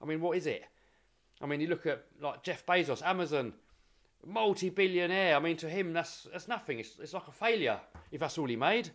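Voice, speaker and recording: Young male vlogger, slightly high voice, casual motivational storytelling with earnest repeats. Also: expressive, a little fast, a bit bright. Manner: earnest, repeats words while building momentum.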